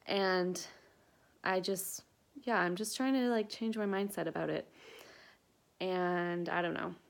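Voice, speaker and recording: A woman's voice: on the low side, steady tone, takes it slowly, creaky. A young woman vlogging, telling a personal story in a chatty, earnest way full of "like" and "um", slightly out of breath. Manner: chatty, filler-heavy, earnest. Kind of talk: casual storytelling vlog. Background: dogs.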